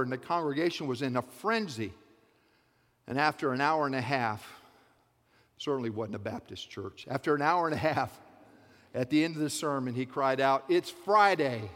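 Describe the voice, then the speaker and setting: A man preaching a sermon, building from a soft telling to loud, rhythmic repeated calls. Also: mid-range voice. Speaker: pastor. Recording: long hall reverb.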